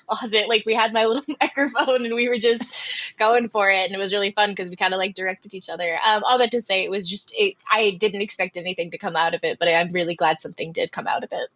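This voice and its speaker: A young woman recounts a memory on a podcast call, bubbly and giggling through it. The sound is very dry and close, her pitch in an ordinary middle range. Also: steady tone, fast, a bit bright, no echo. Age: young adult. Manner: bubbly, giggles while telling. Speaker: podcast guest, voice actor. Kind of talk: casual video-call chat.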